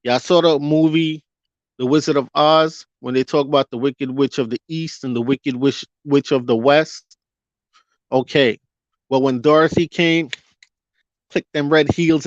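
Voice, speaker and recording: The audio is dull, lo-fi and dry, with no room sound, as a man with a higher, steady voice rants at a moderate pace. He's a vlogger in a fiery commentary, throwing rhetorical questions at his audience and elongating words for emphasis.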